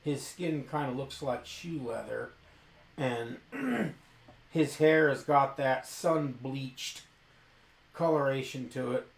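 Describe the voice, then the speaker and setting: A man narrating a tabletop role-playing game as game master, describing scenes in a measured way. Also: medium pitch, expressive, vocal fry, reverberant, rough recording.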